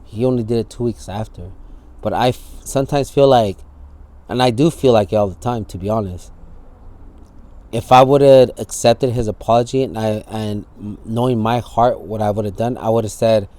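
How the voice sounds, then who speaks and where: In a candid documentary interview, a man from the San Francisco Bay Area tells his story vividly, acting out scenes and swearing freely. His voice is lowish and warm, and he talks at a normal speed.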